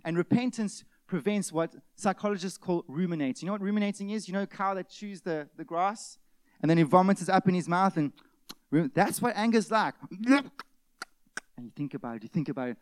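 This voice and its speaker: A male pastor preaching a sermon, swinging from loud emphatic peaks to hushed near-whispers and asking the congregation rhetorical questions. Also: high voice, a little fast, clean tone, no echo.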